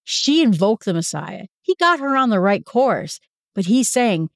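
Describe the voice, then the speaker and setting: A woman's voice: medium pitch, lively intonation, normal speed, dry recording. Woman Bible teacher, casual and conversational, dry recording. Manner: conversational, quotes figures in everyday speech.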